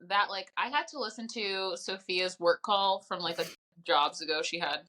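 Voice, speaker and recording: Woman around thirty, podcast co-host, bright forceful voice, animated casual chat, swears, acts out voices. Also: on the low side, moderate pace. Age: 30s.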